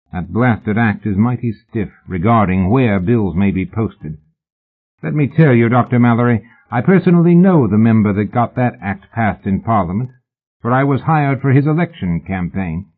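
A man voicing an easygoing working-class bill-sticker boss who talks in a cheerful, folksy, unhurried way, in a storybook reading. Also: lowish voice. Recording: tinny phone-like audio.

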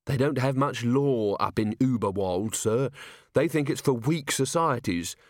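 A man's voice: mid-range voice, lively intonation, a little slow, dry recording, clean studio sound, close to an everyday voice. Male narrator voicing an earnest, polite young captain, lifted tone.

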